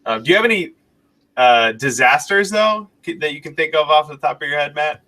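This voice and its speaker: Bright-voiced man hosting a live Q&A. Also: a little high, animated, a little fast. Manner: chatty, chuckling storyteller. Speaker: live stream co-host. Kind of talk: casual live-stream Q&A.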